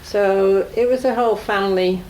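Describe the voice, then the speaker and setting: A woman's voice: medium pitch, steady tone, moderate pace, a little mellow, slight background noise, low-quality recording. A woman recalling her childhood in a matter-of-fact way in an oral-history interview. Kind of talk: archive oral-history recollection.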